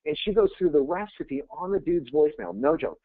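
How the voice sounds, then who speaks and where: A man coaching real estate agents in a webinar, energetic and conversational, blunt and quick to go off on tangents. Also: on the high side. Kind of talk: webinar presentation. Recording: tinny, dry phone-like webinar audio.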